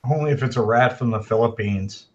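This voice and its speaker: A man's voice: fairly low pitch, a little fast, lo-fi sound. A man in a casual online chat, ranting emphatically and swearing.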